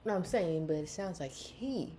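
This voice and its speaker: Lively low-voiced woman co-host. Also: moderate pace, slight background noise. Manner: teasing, reactive interjections. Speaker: podcast co-host. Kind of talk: casual chat.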